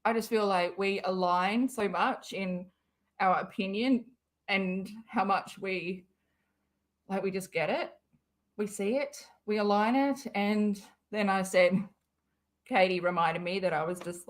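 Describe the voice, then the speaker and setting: A young adult woman from Western Australia hosts a livestream, chatting casually and rambling while swearing often and laughing a lot. Her voice is mid-range and unhurried.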